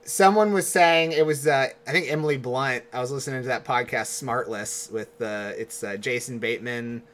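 Bright-voiced American man telling stories. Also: mid-range voice, normal speed, slight background noise. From United States. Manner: animated storyteller, rambling asides. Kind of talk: casual chat.

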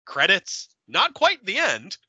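Bright-voiced man recapping casually. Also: sits high, slow pace, breathy edge, dry recording. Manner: laughs often, swears freely, animated retelling. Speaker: podcast co-host. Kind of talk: casual chat recapping a film.

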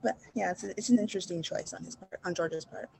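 Reflective woman with a lowish voice. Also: quick pace, gravelly, darkish tone, rough recording. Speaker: podcast co-host. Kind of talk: casual book discussion.

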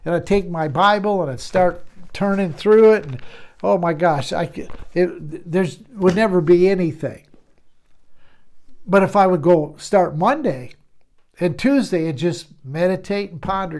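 A man's voice: high-pitched, a little slow, a little mellow. A man preaching a sermon as a pastor, conversational, often repeating words and restarting phrases.

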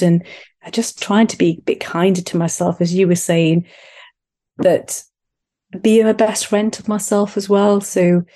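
Warm-toned Welsh-born mother telling stories. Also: fairly low pitch. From Wales. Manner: earnest, animated when telling stories, self-deprecating. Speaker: guest. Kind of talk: podcast interview, personal story.

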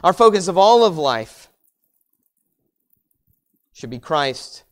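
Very animated yet slow, with frequent pauses, a male pastor preaches a sermon. He surges to loud, emphatic peaks and dips into low, quiet asides, repeating words as his points build.

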